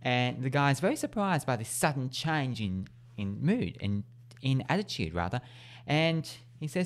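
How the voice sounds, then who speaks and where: A man's voice: medium pitch, sing-song, normal speed. A man hosting a radio show in casual chat, laughing often and stumbling over words. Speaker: radio host.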